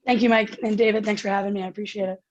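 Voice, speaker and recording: A young adult woman from near Washington, D.C., a hockey coach answering questions on a radio show in a quick, friendly way. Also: mid-range voice, level tone, darkish tone, dull audio. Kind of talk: phone-in radio interview.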